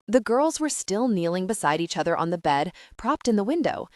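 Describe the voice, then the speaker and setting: A woman narrates a novel with an expressive, storytelling delivery, her pitch rising and falling freely. She sits close to the microphone in a dry, deadened studio sound. It is a steady, polished audiobook reading. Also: brisk, few pauses, no room sound. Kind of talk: scripted narration.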